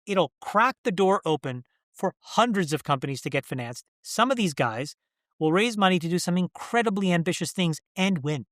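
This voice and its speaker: A middle-aged man as an interview guest, talking candidly and emphatically, pressing his point with rhetorical questions and halting when he gets emotional. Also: sits high, animated, fairly bright tone, dry recording, clean studio sound.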